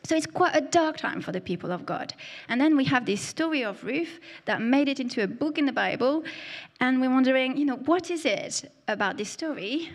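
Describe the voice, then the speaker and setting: A woman's voice: high voice, lively intonation, brisk. A woman with a French accent giving a conversational sermon, often checking in with the listeners. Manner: conversational, often tags "yeah?". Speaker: preacher.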